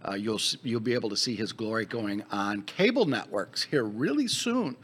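A man's voice: fairly low pitch, lively intonation, moderate pace, a bit bright, breathy edge. Earnest, plainspoken male host. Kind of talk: conversational interview talk.

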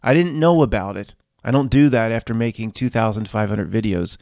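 A man's voice: lowish voice, a little fast, darkish tone, no echo, studio quality. Earnest man giving commentary. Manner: earnest, emphatic, building a theory. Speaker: video commentator. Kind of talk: casual commentary.

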